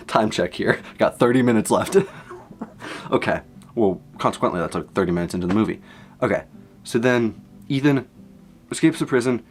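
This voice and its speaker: Young man, lowish voice, rambling, excitable, casual recap, low asides and high exclaims. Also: moderate pace, long pauses. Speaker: content creator. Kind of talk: casual movie recap from memory.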